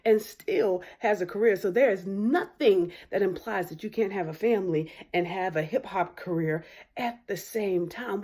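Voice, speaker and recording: A woman with a lowish, dark and mellow voice delivers opinion commentary. She argues methodically and keeps tagging her points with "right?". She jumps into high, dramatic voices when quoting others. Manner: argumentative, frequent tag "right?"; acts out quoted voices with big pitch jumps. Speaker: lawyer commentator.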